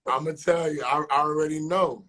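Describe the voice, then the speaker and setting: High-voiced man from Queens telling stories. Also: brisk. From South Jamaica, Queens, New York. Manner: animated storytelling, street slang, acts out dialogue. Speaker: guest, rapper and actor. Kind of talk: casual interview chat.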